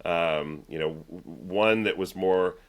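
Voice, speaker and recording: A man's voice: low-pitched, slow pace. A man interviewing a guest, talking eagerly and often restarting his sentences. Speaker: interviewer, user group host. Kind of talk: conversational interview.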